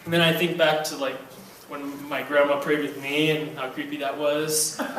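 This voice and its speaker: A young man rambles playfully through a stand-up set and pokes fun at himself. His voice sits high, and it rings through a very echoey room. A distant camera picks up clear noise behind him. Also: level tone, moderate pace, a bit bright. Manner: rambling, self-mocking, playful. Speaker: stand-up comedian. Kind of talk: stand-up comedy. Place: room at a church Christmas party.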